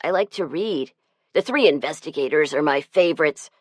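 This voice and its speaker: A woman's voice: sits low, animated, moderate pace, no room sound, clean studio sound. A woman voicing a shy, bookish young boy who answers reluctantly in a plain, lightly raised voice. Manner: reluctant, mumbling replies.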